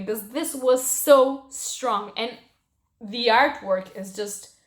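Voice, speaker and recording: A young woman chatting casually about books she read, emotional and expressive, swearing now and then. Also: on the high side, slow. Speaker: book reviewer. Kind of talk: casual book wrap-up chat. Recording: roomy echo.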